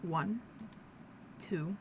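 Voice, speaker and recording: A woman's voice: fairly low pitch, extremely slow, background noise, voice pushed down. A woman voicing an anxious male bird lawyer who is easily flustered, reading a game aloud. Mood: distressed. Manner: worried, self-doubting.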